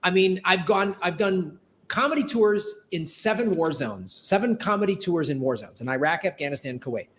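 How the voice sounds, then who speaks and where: Guy comedian hosting a stream, kinda higher voice, rambles and restarts a lot. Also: expressive, moderate pace, few pauses, a bit bright, slight background noise. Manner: earnest, rambling, self-interrupting. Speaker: comedian and show host. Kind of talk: casual chat on a live stream.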